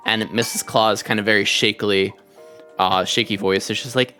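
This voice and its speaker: A woman narrating a tabletop role-playing game as game master, chatty and relaxed with many fillers. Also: extremely low pitch, normal speed, soft background music.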